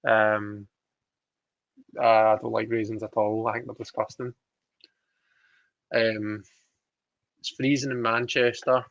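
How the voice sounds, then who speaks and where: A man's voice: on the low side, little pitch movement, slow pace, gravelly, long pauses, a bit bright, no echo, lo-fi sound. A man hosting a livestream, chatting casually, reading out viewer comments with giggly, self-deprecating asides. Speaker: livestream host reading tarot.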